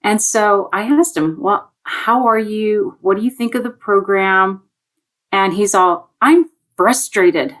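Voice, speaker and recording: A woman speaks as a panel guest over a video call. Her pitch sits in the middle, and she talks in an animated, chatty way. She slips into the voices of the people she quotes as she tells her story. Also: unhurried. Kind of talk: conversational storytelling.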